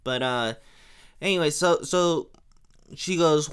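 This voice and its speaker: A young man hosting a podcast, casually recapping an episode, chatty and laughing often, briefly acting out lines in quick voices. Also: fairly high pitch, big pitch swings, fairly bright tone. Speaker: podcast host.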